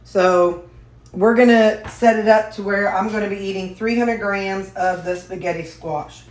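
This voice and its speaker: A woman with a medium-pitched, fairly even voice chats unhurriedly and folksily to viewers while cooking in her home kitchen. It's a casual cooking vlog, recorded in an echoey kitchen with dishes clattering.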